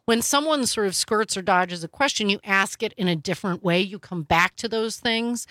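A woman hosting political talk radio, speaking in a brisk, emphatic, opinionated way into a studio microphone. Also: medium pitch, fairly bright tone, no room sound. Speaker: radio talk show host.

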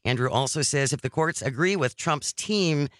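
A man hosts a live talk radio show, his voice bright and forward. He reads listener texts and news items in a wry, chatty way. The studio mic sounds close and dry. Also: a little high, lively intonation, normal speed, dry recording. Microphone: studio microphone.

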